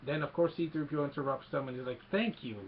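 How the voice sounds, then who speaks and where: A man's voice: a little high, steady tone, racing, lo-fi sound, a little hiss or hum. Rambling man recapping a film. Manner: rambling, retells scenes with quoted lines. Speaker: movie reviewer.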